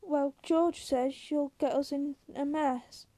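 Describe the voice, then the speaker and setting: A woman voicing a big, simple-minded male farmhand who talks in a slow, pleading, fearful way. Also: high voice, fairly even intonation, warm tone, no echo. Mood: wary.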